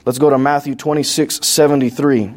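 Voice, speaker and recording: An adult pastor with a New Mexican accent teaches a Bible study sermon, reading scripture aloud, explaining it plainly, and putting questions to the congregation. His medium-pitched voice is steady and darkish, and he speaks briskly.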